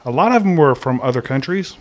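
A man co-hosting a podcast, easygoing and quick to laugh. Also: mid-range voice, expressive. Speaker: podcast co-host. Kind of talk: casual chat.

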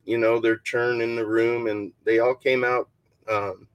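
A man hosting a casual podcast chat about paranormal investigations, who talks haltingly with many fillers and restarts. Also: mid-range voice, level tone, no echo, muffled recording.

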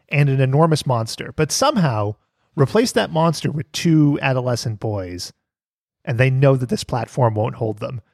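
A man's voice: medium pitch, creaky, dry recording, clean studio sound. A man co-hosting a podcast, recapping a cartoon in casual chat, joking, swearing and laughing often.

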